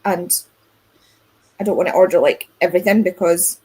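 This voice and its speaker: A woman's voice: on the low side, normal speed, warm tone, breathy edge, poor audio. A young woman chatting with friends on a video call, sarcastic and sweary, mocking book characters. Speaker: guest on a book stream. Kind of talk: casual chat with friends.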